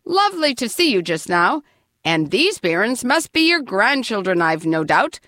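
A woman voicing a generous, kindly older village woman who talks slowly and warmly. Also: mid-range voice, very animated, dry recording, clean studio sound. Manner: slow, hospitable.

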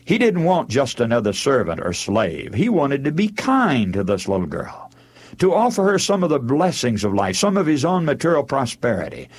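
A man preaching a sermon, retelling a Bible story with animated storytelling and acting out the characters' lines. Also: medium pitch, moderate pace, slightly rough.

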